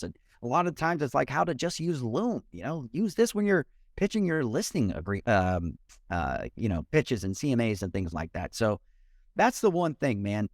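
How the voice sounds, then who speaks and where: A man, a mortgage loan officer and podcast guest, talking in an energetic, expressive way over a remote call. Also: mid-range voice, normal speed, no room sound, studio quality. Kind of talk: casual interview talk.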